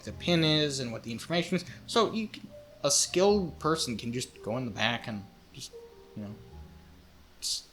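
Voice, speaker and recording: A young man co-hosting a student podcast, joking and telling stories in casual chat. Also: mid-range voice. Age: young adult. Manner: joking, animated storyteller. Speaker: podcast co-host, engineering student.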